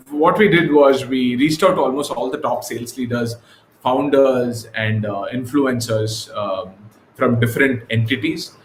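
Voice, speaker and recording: A man as an interview guest, telling stories in a relaxed, casual way with lots of fillers and restarts. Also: mid-range voice. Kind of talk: casual conversational storytelling. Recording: echoey room with faint noise.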